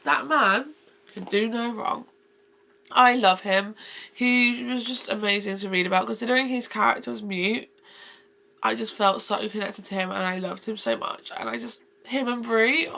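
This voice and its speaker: A woman talking straight to camera in a casual book vlog, gushing and effusive, often rambling and restarting her sentences. Her voice is bright and forward, with a gravelly fry running under many of her words. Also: mid-range voice, moderate pace. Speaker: book vlogger.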